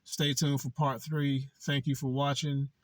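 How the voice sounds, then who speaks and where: Young male vlogger, candid and profane storyteller, mid-pitched voice, dry recording. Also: little pitch movement, unhurried, dry recording. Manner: blunt, profane and conversational.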